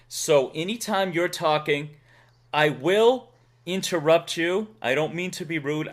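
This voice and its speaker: A man with a Massachusetts accent hosting a livestream, chatting casually, playful and quick to laugh. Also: on the high side, fairly bright tone. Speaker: livestream host. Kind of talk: casual stream chat.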